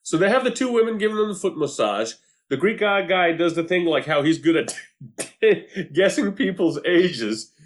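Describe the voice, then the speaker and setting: A man chatting casually and recapping a TV show, animated, acting out quotes, swearing freely and laughing often. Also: high voice, normal speed.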